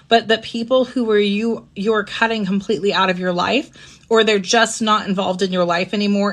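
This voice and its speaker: A woman with a mid-range voice hosts a live-streamed personal talk. Her manner is gentle and reflective, and she often checks in with listeners by asking "right?"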